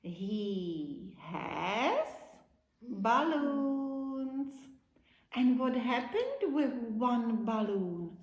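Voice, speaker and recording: A woman teacher giving a slow, simple English lesson to young children, repeating key words. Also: on the high side, sing-song, a little mellow, echoey room, rough recording.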